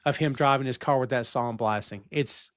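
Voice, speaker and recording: On a dry recording, a man with a medium-pitched voice and moderate pace hosts a casual review podcast. He recaps scenes in an animated way, acting out the characters' lines as he quotes them.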